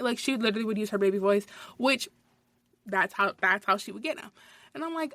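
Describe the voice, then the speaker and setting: A woman's voice: medium pitch, lively intonation, fairly quick, pauses often, fairly bright tone, no echo. A young woman podcast host telling a story in a casual, blunt rant, swearing often and saying "like" a lot. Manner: blunt and profane, heavy filler "like".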